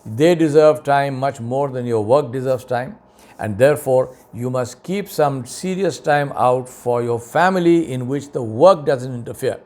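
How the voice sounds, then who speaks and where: A man's voice: measured pace, a little mellow. Earnest middle-aged man giving advice. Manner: earnest, emphatic, repeats points for stress; mocking quoted voices in a higher tone. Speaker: speaker giving advice talk. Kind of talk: lecture-style advice talk.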